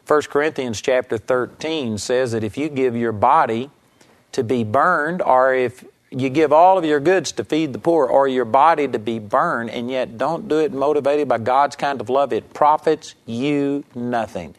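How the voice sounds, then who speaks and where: A middle-aged man preaching a radio sermon as a pastor, telling stories and quoting people in a raised, lively voice. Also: medium pitch, unhurried. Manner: animated storytelling preacher, quotes people in raised voice.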